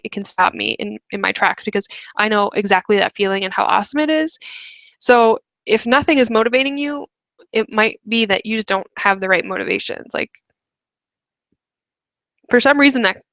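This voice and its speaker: Talking casually to her webinar audience, a young woman gives coaching advice full of fillers like "like" and "um." She speaks briskly at a medium pitch, with a gravelly yet fairly bright voice. The audio is dry and poor.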